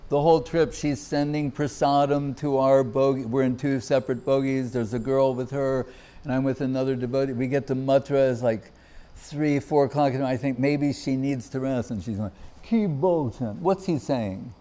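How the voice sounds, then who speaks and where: A man giving a devotional festival talk, telling anecdotes and acting out the voices of the people he quotes. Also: mid-range voice. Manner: anecdotal, warm laughter, acts out quoted voices. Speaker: Gaudiya Vaishnava speaker. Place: temple festival gathering.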